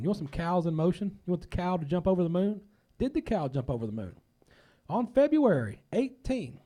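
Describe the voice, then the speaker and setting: A man's voice: sits high, mellow. A man hosting a casual talk show, folksy and rambling, a bit under the weather.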